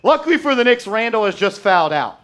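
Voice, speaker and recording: A man hosting a fan live stream, calling play-by-play and getting loud and profane when his team messes up. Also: high voice, fast, clear, resonant tone. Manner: excitable, shouts and swears at bad plays.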